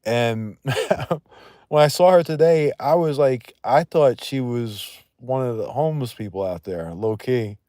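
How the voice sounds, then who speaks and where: A man's voice: mid-range voice, a little slow, mellow, no echo, studio quality. A man hosting a livestream in loose, profane, rambling chat, laughing often and trailing off mid-thought. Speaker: livestream host.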